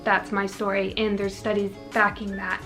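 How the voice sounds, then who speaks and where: A woman's voice: mid-range voice, completely flat delivery, moderate pace, a bit bright. A young woman answering viewer questions in a casual, earnest chat to camera, full of "like" and "you know". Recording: faint music behind.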